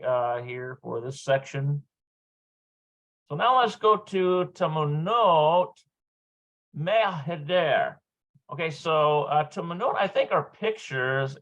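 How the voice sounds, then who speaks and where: A man's voice: fairly high pitch, a bit bright, lo-fi sound. A man working through a Hebrew vocabulary lesson aloud, thinking as he goes and checking his pronunciation.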